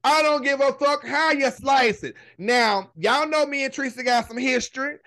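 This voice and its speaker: A woman with a high voice holds forth as a podcast host, swearing constantly and leaning hard on every curse. Her talk is casual commentary delivered as an emphatic rant. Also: a bit bright. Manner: profane, emphatic, drawn-out swearing.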